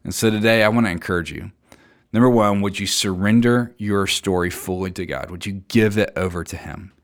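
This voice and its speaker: A man preaching a sermon, earnest and emphatic, reading scripture aloud and dropping low and soft to land his key points. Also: brisk. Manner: reads scripture aloud and acts out quoted voices.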